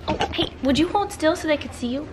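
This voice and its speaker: A woman's voice: high-pitched, lively intonation, fast talker, noisy background. Chatty, upbeat woman vlogger. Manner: chatty and upbeat, talks fondly to her dogs. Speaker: lifestyle vlogger. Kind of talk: casual home vlog chat. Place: at home and around the backyard. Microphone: handheld camera.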